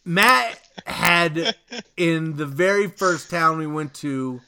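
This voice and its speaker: Male podcast co-host, unhurried, bright clear voice, rambling stories, swears. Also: fairly high pitch. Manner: rambling storyteller, swears freely. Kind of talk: casual podcast chat.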